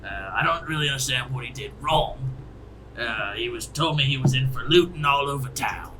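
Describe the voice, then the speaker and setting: A man's voice: medium pitch, a little fast, music in the background, lightly acted. A man voicing a nervous, folksy ship captain who hesitates and fills his speech with uhs. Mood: placating. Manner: hesitant, placating, full of uhs. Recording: echoey room, far from mic.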